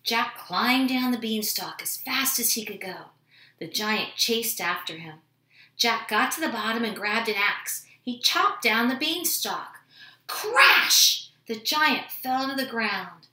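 A woman reading a children's storybook aloud at home, expressive and animated. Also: on the high side, unhurried, echoey room. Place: home room with dogs.

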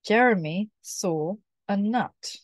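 Woman storybook reader, clear and careful, repeats key phrases; mid pitch, dry close sound. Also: slow pace, no echo. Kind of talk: children's story read-aloud.

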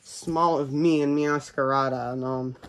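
Slow, rambling man opening card packs. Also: medium pitch, fairly even intonation, fairly bright tone, a little hiss or hum. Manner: rambling, jokey self-talk, refers to himself in third person. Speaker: card-opening video host. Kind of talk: casual narration while opening card packs.

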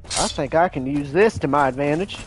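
A young man from the United States commenting on a video game he is playing, excitable and prone to shouting and laughing. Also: fairly high pitch, a little fast, soft background music. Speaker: gaming streamer. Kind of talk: let's play commentary.

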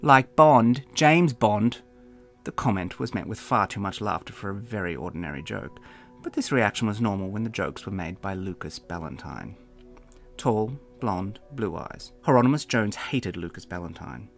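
A man's voice: sits low, expressive, a little fast, gravelly, faint music behind. A man, the author, narrating a fantasy novel in a dry, wry storytelling manner. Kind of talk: audiobook narration.

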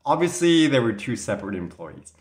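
A man's voice: mid-range voice, sing-song, brisk. A man from Canada telling a story to the camera in a casual, rambling way, sometimes indignant, with an occasional cough. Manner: chatty, rambling, mildly indignant. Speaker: vlogger. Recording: echoey room sound.

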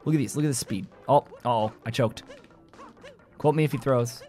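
A man giving live gameplay commentary, joking with his chat and yelling and squealing when things go wrong. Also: medium pitch, a little fast, faint music behind. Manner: excitable, yells and squeals at game moments. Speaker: gaming streamer.

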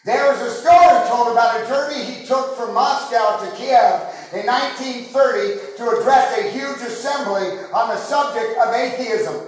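Male pastor, very high voice, fervent preacher who builds to shouts; distant mic in a boomy church. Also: normal speed, few pauses. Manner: impassioned preaching, rising to shouts. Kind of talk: sermon. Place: large church sanctuary. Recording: very echoey hall, mic far off.

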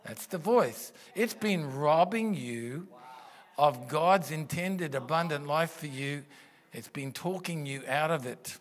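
A pastor with a slow, rather high voice preaches a sermon into a stage microphone in a church auditorium. His delivery is earnest and conversational, using rhetorical questions.

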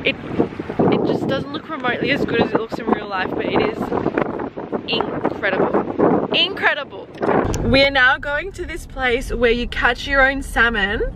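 A woman's voice: high-pitched, normal speed. A young woman chatting to the camera as a travel vlogger, playful and laughing often, filmed on a handheld camera in a car and outdoors. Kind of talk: casual vlog chat to camera. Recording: noisy outdoor and car recording. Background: car and street noise.

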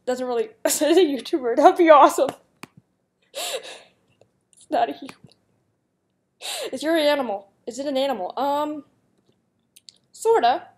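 In this casual gameplay commentary, a young female YouTuber with a high-pitched, darkish voice takes her time, leaving long pauses. She's expressive, giggling as she reads the guessing game's questions aloud and answers them.

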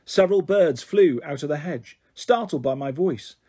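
A man reads a children's novel aloud, expressive and steady. His voice is notably high for a man and husky in grain. It carries the tone of a bedtime story reading. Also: a little slow. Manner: expressive read-aloud narration.

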